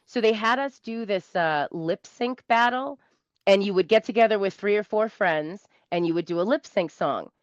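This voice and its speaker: Animated South Shore Massachusetts woman. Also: mid-range voice, moderate pace, no echo. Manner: animated, rambling, laughs often. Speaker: comedian guest. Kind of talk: casual storytelling interview. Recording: dull lo-fi dry sound.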